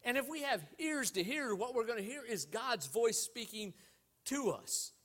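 A man preaching a sermon, telling anecdotes with wide swings in pitch and loudness. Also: animated, moderate pace. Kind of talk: sermon with storytelling.

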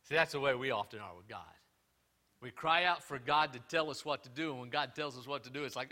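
Bright-voiced man preaching with swinging intensity. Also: mid-range voice, quick pace. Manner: animated preaching, swinging from loud emphatic peaks to quiet asides; folksy storytelling with repeated words and restarts. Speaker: pastor. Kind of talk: sermon.

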